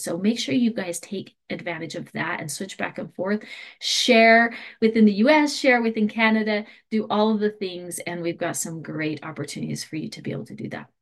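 A woman co-hosting a company call, speaking in an eager, rushed stream full of fillers and restarts. Her voice sits a little low for a woman. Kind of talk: promotional company call, fast and upbeat.

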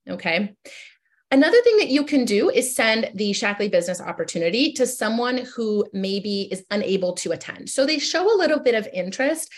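A woman giving an upbeat online sales training, coaching listeners directly and checking in with them often. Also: medium pitch.

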